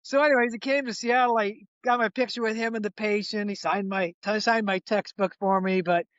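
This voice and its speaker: A man in his sixties, a chiropractor guest, telling a patient story in lively conversational style. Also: sits high, brisk, dry recording, dull audio. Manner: animated storyteller, acts out quoted voices, frequent restarts.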